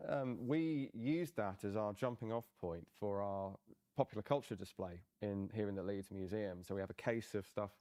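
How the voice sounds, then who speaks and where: A man, a museum curator, explaining objects in a relaxed, hesitant way. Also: lowish voice, normal speed, soft background music. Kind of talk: informal museum talk.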